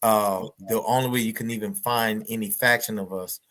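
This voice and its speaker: A man co-hosts a casual livestream talk. His voice sits low, and he mostly agrees with the host and chimes in. He speaks at an easy, conversational pace. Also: steady tone, normal speed, a bit bright. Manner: agreeable, chiming in.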